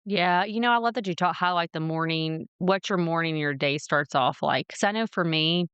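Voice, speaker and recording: A woman's voice: fairly low pitch, normal speed, a bit bright, clear, resonant tone, no room sound, highs cut off. A woman hosting a podcast interview, chatty and candid, laughing easily as she shares her own habits. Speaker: podcast host. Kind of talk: conversational interview.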